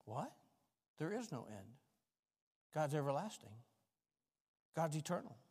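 A male pastor preaching a fervent sermon with folksy, self-mocking humor, swinging between shouts and quiet talk. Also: on the high side, sing-song, measured pace, husky. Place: church sanctuary. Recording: long reverb of a church hall.

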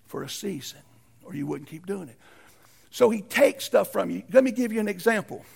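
A pastor man delivers a sermon in plain folksy talk. His voice sits high and is very gravelly with a husky edge. He swings between shouted peaks and hushed drops. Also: animated, moderate pace. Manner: folksy, uses ain't and y'all.

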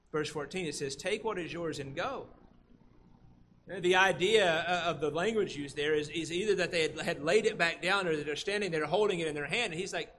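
High-voiced man preaching an animated sermon. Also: brisk, a little hiss or hum. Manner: animated, acts out the workers' complaints.

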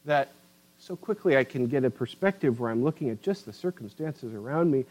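A man's voice: medium pitch, animated, a little fast, a little mellow, rough recording. A man preaching a sermon with impassioned, rising and falling emphasis, addressing listeners as beloved.

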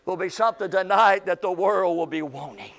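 Male preacher, high-pitched, dynamic sermon delivery with loud peaks and soft lows. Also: brisk. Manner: swings between loud preaching bursts and low quiet stretches. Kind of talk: evening church sermon. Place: church.

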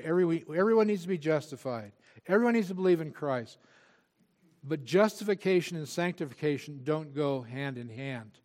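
A man's voice: a little high, darkish tone. A male pastor preaching a sermon, earnest and emphatic, with frequent restarts.

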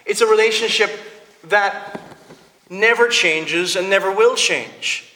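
Bright-voiced man preaching in a reverberant church. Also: sits high. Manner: emphatic, repeats key words, slows down dramatically for weight. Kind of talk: sermon.

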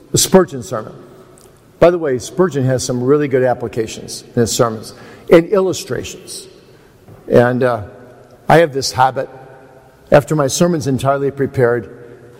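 A man's voice: mid-range voice, darkish tone. Man preaching in a reverberant hall. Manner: conversational, anecdotal, self-deprecating. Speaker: preacher at a seminar. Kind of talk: teaching sermon.

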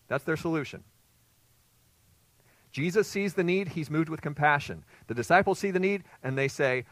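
A man's voice: on the high side, moderate pace, fairly bright tone, no room sound. A male pastor preaching an expository sermon, emphatic and putting rhetorical questions to his congregation.

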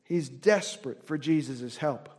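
A man preaching a sermon as pastor, earnest, often dropping to a soft hush to drive a point home. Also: a little high, a little slow, husky. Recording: long reverb of a large hall.

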